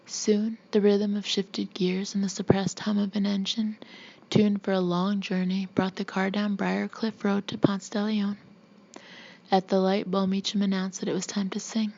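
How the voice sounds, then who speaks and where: A woman narrates a novel in a soft, hushed whisper, a whispered audiobook reading. Her voice sits at a middle pitch. The recording is dull and muffled. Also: little pitch movement, normal speed, creaky.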